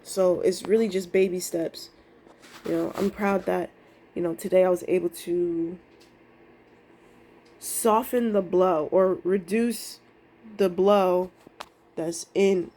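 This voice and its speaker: A woman's voice: on the low side, fairly even intonation, takes it slowly, long pauses, dark tone, slight background noise. A young woman vlogging about her trading day, emotional and rambling, swearing casually as she talks. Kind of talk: candid emotional vlog monologue.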